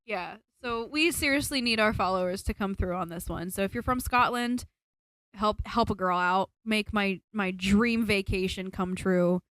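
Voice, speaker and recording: A young woman with a slight Southern US accent co-hosting a casual chat podcast, chatty and quick to laugh at herself. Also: medium pitch, a bit bright, no room sound. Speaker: podcast co-host.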